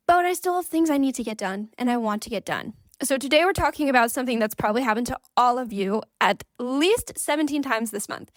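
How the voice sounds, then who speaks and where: A young woman hosting her own podcast in casual chat, playful, with sing-song rises and quick asides. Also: on the high side, expressive, no echo, studio quality. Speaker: podcast host.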